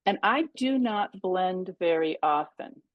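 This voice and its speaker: A woman's voice: lowish voice, expressive, slow pace, dry recording, muffled recording. A middle-aged woman teaching a painting workshop over a video call, chatting and thinking aloud as she works. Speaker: pastel art instructor. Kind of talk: live online painting demonstration.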